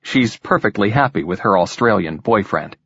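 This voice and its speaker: A man voicing an easygoing, teasing husband with relaxed, dry humor. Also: lowish voice, moderate pace, slightly rough, dry recording, highs cut off, full character voice.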